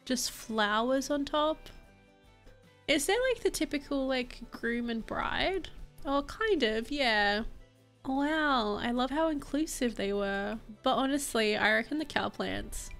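A young woman narrates her life-sim game in a gushing, chatty way, her slightly high voice sinking to soft asides and then leaping into excited squeals. Faint background music plays under her talk. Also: unhurried. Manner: bubbly, gushing, swings between soft murmurs and excited squeals. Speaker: gaming YouTuber. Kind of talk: casual gameplay commentary.

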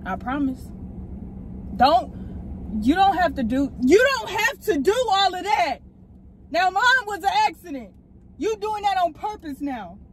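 A woman's voice: extremely high pitch, sing-song, measured pace, pauses often, a little hiss or hum, low-quality recording. A woman vlogger pulling a prank, coaxing and teasing with mock-soothing talk inside a car. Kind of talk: casual prank banter in a car.

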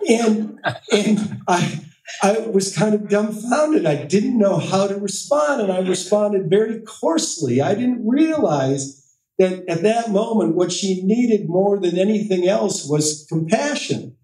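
Brief: middle-aged male author telling a story to a library audience, slightly high, mellow voice, picked up from across an echoey room. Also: animated, slow pace. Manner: anecdotal, self-deprecating, with quoted voices. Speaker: author giving a library talk. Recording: echoey room, distant mic.

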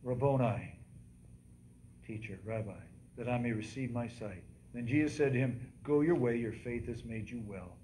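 A man's voice: mid-range voice, normal speed, dark tone, slight background noise. A pastor preaching a sermon in a church, quizzing his congregation and dramatically repeating the cries of the scripture story. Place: church sanctuary.

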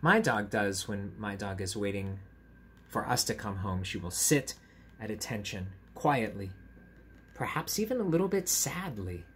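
Gentle man reading a picture book. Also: fairly low pitch, animated, a little hiss or hum. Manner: gentle, chatty, pauses to point out pictures. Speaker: teacher reading to children. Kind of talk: picture book read-aloud. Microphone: camera.

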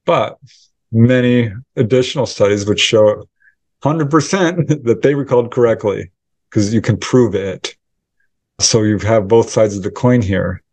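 A man's voice: lowish voice, unhurried, a little mellow, dry recording. A man who researches UFOs, answering interview questions by telling a story and acting out the quoted dialogue in it. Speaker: UFO researcher and author.

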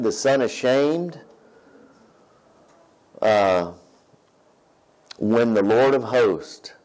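Over poor-quality audio, a man serving as pastor preaches in a lowish, slightly mellow voice. His style is conversational: he reads from scripture and checks in with the audience by asking "right?".

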